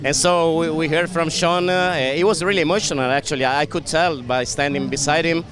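A man's voice: on the high side, fairly even intonation, brisk, a crowd in the background. Chatty man reporting live trackside. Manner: chatty, hesitant with many fillers. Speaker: pit-lane reporter.

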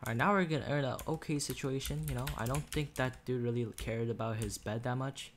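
Speaking fairly quickly in a medium-pitched, steady voice, a man comments on his own gameplay in a casual, meandering style, full of jokes and jabs at the other players. He's a gaming YouTuber recording on a USB desk microphone, with a little hiss or hum and faint keyboard and mouse clicks.

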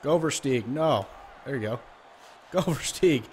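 A man's voice: medium pitch, expressive, a little slow. A man streaming a hockey video game, chatting casually and swearing at the plays. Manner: profane, grumbling at the game. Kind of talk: casual gameplay commentary.

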